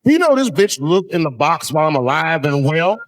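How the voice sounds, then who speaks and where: Animated male stand-up comic. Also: fairly high pitch, fairly quick, no echo, studio quality. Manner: animated, swings from loud outbursts to quiet asides. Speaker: stand-up comedian. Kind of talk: stand-up comedy storytelling. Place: comedy stage.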